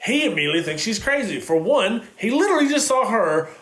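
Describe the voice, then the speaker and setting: A man co-hosting a casual review chat, recapping scenes in an animated way and swearing freely. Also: sits high, quick pace. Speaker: co-host reviewing a TV episode. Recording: echoey room.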